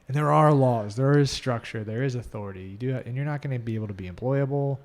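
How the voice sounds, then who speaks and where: A man hosting a podcast, talking in a casual, opinionated way and telling stories in a lively manner. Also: medium pitch, a little fast. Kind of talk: casual conversation.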